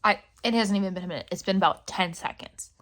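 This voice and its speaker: A woman's voice: mid-range voice, fast talker, fairly bright tone, soft background music. A young woman vlogging casually about books, ranting dramatically and swearing in mock outrage. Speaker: book vlogger. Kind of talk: casual reading vlog rant.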